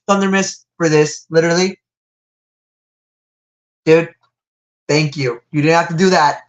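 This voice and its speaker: A young man with a slight Latin American Spanish accent streams a live toy unboxing. He gushes and rambles, and his voice leaps high whenever something delights him. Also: measured pace, long pauses, highs cut off. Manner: excitable, gushing, wide pitch jumps.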